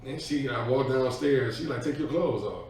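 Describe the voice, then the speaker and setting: A man telling an animated childhood story in a casual podcast chat. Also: mid-range voice, moderate pace, a little hiss or hum. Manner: animated, acts out voices in his story. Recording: echoey room, far from the mic.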